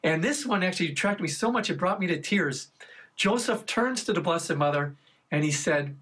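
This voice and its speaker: A man's voice: fairly high pitch, expressive, moderate pace, a bit bright, husky. A man giving an earnest personal testimony at a faith gathering, retelling his prayers as dialogue.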